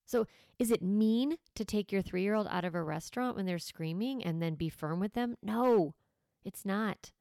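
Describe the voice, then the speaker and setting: A woman's voice: mid-range voice, normal speed, creaky, no echo, clean studio sound. A woman in her thirties, a parenting coach, talking casually to listeners and acting out firm voices in quotes. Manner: warm conversational, acts out firm voices in quotes.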